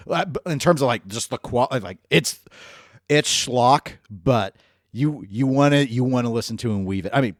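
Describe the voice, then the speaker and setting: A man co-hosting a gaming podcast, chatting casually with animated, joking banter. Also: fairly low pitch, no room sound, clean studio sound. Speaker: podcast co-host. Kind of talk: casual chat.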